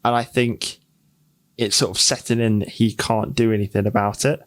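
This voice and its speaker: Co-host, man, lowish voice, measured and reflective, stammers a bit on restarts. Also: little pitch movement. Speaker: podcast co-host. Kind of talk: casual chat.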